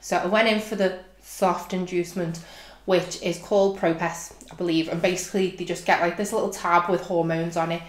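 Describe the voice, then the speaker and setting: A young Scouse woman vlogging, telling a funny personal story with animated swings from low muttering to loud outbursts. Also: moderate pace. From England. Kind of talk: comic storytelling. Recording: echoey room.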